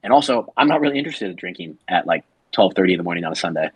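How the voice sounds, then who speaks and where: A man's voice: low voice, sing-song, racing, a little hiss or hum, poor audio. A man on a podcast telling a long story in a casual, rambling way, full of fillers, and acting out the people he quotes. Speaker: podcast co-host.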